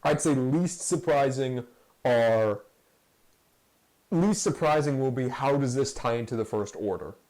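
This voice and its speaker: A man's voice: mid-range voice, a little slow, darkish tone, rough recording. A man hosting a casual fan podcast, talking in a rambling, jokey way. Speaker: podcast host.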